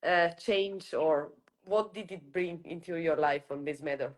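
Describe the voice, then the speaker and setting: A woman interviewing a guest. She encourages him and pauses on fillers as she frames her questions. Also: lowish voice.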